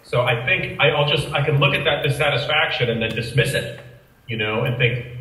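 A man's voice: medium pitch, expressive, moderate pace, sharp tone. A middle-aged man on a coaching video call, talking reflectively and openly about his motivation. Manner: reflective, open. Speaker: coaching client. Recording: distant, roomy video call audio.

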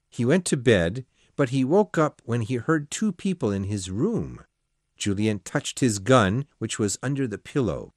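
A man's voice: mid-range voice, dry recording, clean studio sound. A man reading a classic novel aloud as an audiobook narrator, telling the story expressively.

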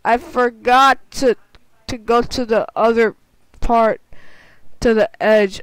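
An excitable woman talking through her game in a slightly high voice, with an unhurried pace. She exclaims and groans at her own slip-ups. The sound is dry and close, with no room around it. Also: smooth, no echo. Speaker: gameplay commentator. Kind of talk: casual let's-play commentary.

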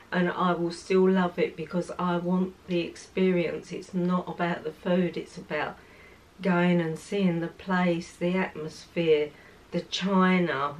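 A woman in her sixties chatting casually on her lifestyle vlog, soft-spoken and heartfelt. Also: lowish voice, low-quality recording. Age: 60s. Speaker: lifestyle vlogger.

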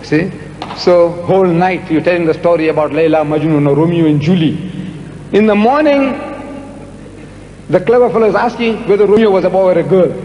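Speaking to an audience in a big lecture hall, a man delivers a public talk and fields questions, emphasizing points and repeating words for effect. His voice sits high and moves a little fast, and the sound is lo-fi. The room adds a long, echoey reverb and faint noise.

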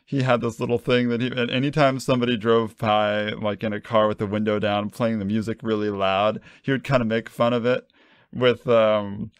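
A man's voice: on the low side, little pitch movement, moderate pace, clean tone, dry recording. Rambling joking man, dry sound. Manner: rambling, self-deprecating, joking. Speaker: podcast co-host. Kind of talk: casual podcast chat.

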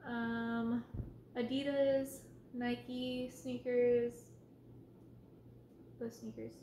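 Soft-spoken woman with a high voice, chatty ASMR host running a casual Q&A, recorded in an echoey room. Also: level tone, extremely slow, slight background noise. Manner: soft-spoken, reads out viewer names and questions, scolds her cat. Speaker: ASMR creator answering viewer questions. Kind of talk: casual livestream Q&A chat.

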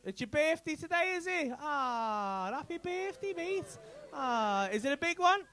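A man's voice: extremely high pitch, very animated, unhurried, sharp tone. A man doing crowd work in a comedy club, teasing audience members with cheeky, sweary banter into a handheld mic. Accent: English. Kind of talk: live stand-up crowd work. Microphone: handheld stage mic.

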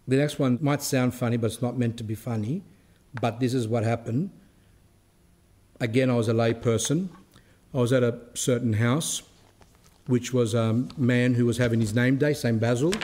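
A man, an Orthodox cleric, giving a spiritual talk that mixes a personal story with rhetorical questions and turns animated as the story goes on. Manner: grows animated and high when telling the story.

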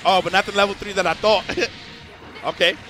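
A man doing live commentary on a fighting game match, excitable and swearing freely, breaking into shouts. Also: sits high, a little fast, faint music behind.

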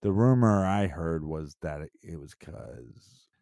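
A man's voice: sits low, expressive, slow, creaky, no echo, clean studio sound. A man co-hosting a podcast in casual, crude, joking chat. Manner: crude, joking, bursts into mock yelling. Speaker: podcast co-host.

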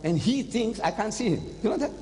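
An older man giving an animated religious lecture, telling stories and slipping in phrases. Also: high-pitched, fairly quick. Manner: animated storytelling, switching into Hindi-Urdu phrases. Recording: long hall reverb.

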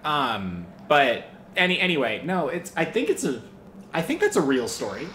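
A man's voice: a little high, huge pitch swings, normal speed, sharp tone. Jumpy, sarcastic man in an echoey room. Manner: jumpy and sarcastic, complains about scares. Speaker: co-host watching a horror game. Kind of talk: casual let's-play chat. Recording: echoey room with faint hiss.

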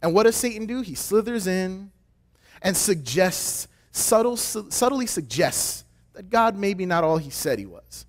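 Guy preaching a sermon, kinda high voice, super animated, jokey asides. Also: measured pace. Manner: animated, acts out quoted voices with big pitch swings; conversational, joking asides. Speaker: pastoral intern.

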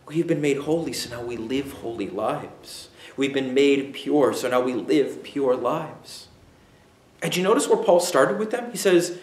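A man preaching a sermon as pastor, emphatic, with dramatic pauses and acted-out asides. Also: on the high side, animated, echoey room.

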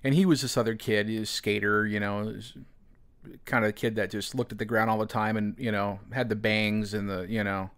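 A man's voice: fairly low pitch, steady tone, a little fast, fairly bright tone, smooth. A man hosting a podcast, telling a personal story in a casual, rambling way, full of fillers. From United States. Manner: rambling, heavy use of "you know" and "man". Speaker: podcast host.

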